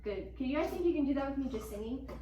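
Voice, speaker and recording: A band teacher leads a school class, upbeat and encouraging, explaining the music casually with plenty of "like." Her high voice is animated and racing, recorded from a distance in an echoey room.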